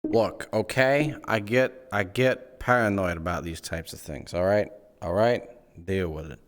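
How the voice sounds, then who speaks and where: A man hosting a casual game roleplay stream, animated and jumping between loud greetings and muttering to himself. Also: fairly low pitch, measured pace.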